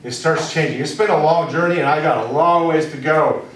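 A man giving a spiritual teaching to a small group, speaking deliberately and repeating key phrases for emphasis. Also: on the high side. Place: room with a live audience. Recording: very echoey room, distant mic, faint noise.

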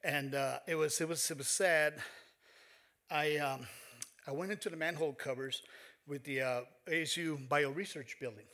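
A middle-aged man telling a personal story on a stage, halting and emotional, with many fillers and restarts. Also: on the high side, bright, forceful tone. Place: stage in a performance hall.

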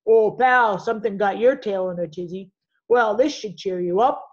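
A woman voicing a cheerful, loud man, a friendly night janitor, chatting in a jovial way. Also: moderate pace, muffled recording, close to an everyday voice. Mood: booming cheer. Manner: booming, jovial.

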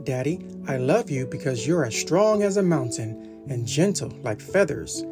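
A man reading a children's picture book aloud to his son, in a gentle, unhurried storytelling manner. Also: medium pitch, lively intonation, over loud music.

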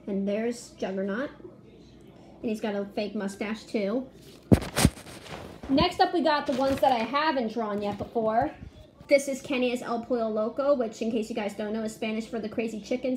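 Woman vlogger, excited and chatty, slightly high voice, casual walk-through of her artwork. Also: moderate pace, a little hiss or hum. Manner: chatty and excited, listing details. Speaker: fan artist presenting her drawings. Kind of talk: casual video narration.

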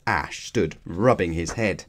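A man with a low voice reads a children's storybook aloud. His narration is measured and expressive, paced for young listeners. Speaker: children's book reader.

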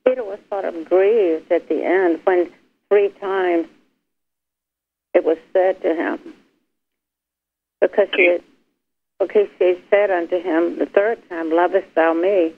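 A man's voice: sits high, fairly even intonation, takes it slowly, gravelly, long pauses. A man taking part in an informal Bible study discussion, speaking reflectively and a bit hesitantly. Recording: tinny phone line.

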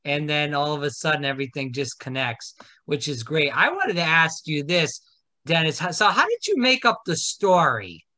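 Bright-voiced male interviewer. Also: a little high, sing-song, moderate pace. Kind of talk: casual interview.

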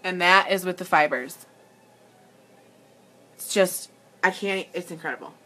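Unhurried and lowish in pitch, her voice pushed and bright, a woman demonstrates makeup during a live stream. She talks straight to viewers in a casual, giggly way, laughing often and finding things easily funny.

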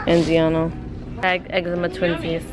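A woman's voice: on the low side, completely flat delivery, normal speed. A woman vlogging while shopping in a store, chatty and giggly, teasing her partner. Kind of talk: casual vlog chat.

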